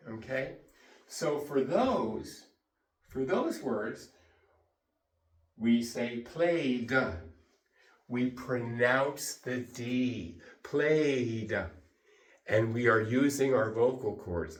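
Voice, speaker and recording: A man teaching English pronunciation to a class, drilling sounds slowly with lots of repetition. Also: medium pitch, lively intonation. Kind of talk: classroom lesson. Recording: echoey room, voice from far off.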